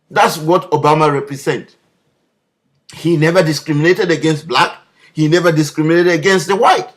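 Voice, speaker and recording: Man, fiery political speech to camera, high pitched, sharp tone. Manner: impassioned, repetitive rhetorical questions. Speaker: political commentator. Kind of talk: direct-to-camera political video message.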